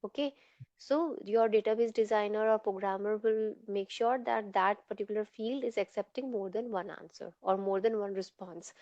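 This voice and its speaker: A woman's voice: medium pitch, normal speed, a little mellow, no echo. Female lecturer, mid-range voice, walks students through concepts with constant check-ins, muffled dry recording. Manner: explanatory, many fillers like "okay" and "you know". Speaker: clinical data management instructor. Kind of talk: online lecture. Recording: dull dry lo-fi audio.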